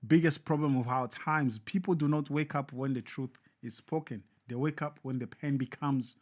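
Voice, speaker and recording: A man's voice: medium pitch, fairly even intonation, normal speed, darkish tone. A man hosting a live show, giving emphatic, repetitive, preacher-like commentary.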